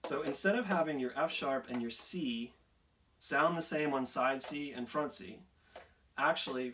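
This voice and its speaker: A man's voice: medium pitch, fairly bright tone, distant mic, slight background noise. A man who repairs saxophones for a living, walking through a technical explanation step by step and often checking in with "right?". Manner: methodical, repeats "right?" as a check-in.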